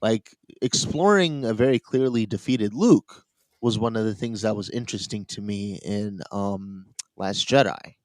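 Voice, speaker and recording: A man with a fairly low voice talks casually on a podcast, wandering through his thoughts and chuckling now and then. The sound is dry and close, with no room echo. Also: unhurried, a little mellow. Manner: rambling, laughs at own points. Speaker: podcast co-host. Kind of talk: casual chat.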